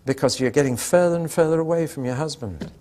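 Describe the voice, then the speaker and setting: A man's voice: on the high side, fast talker, mellow. An older man preaching a sermon, telling anecdotes with dry humour and acting out the dialogue.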